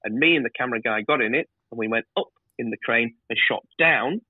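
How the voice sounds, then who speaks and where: A man, a TV director, telling lively stories in a casual interview and swearing freely. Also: medium pitch, brisk, slightly rough, no room sound. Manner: animated storyteller, swears freely. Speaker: TV director, guest. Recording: tinny phone-like line.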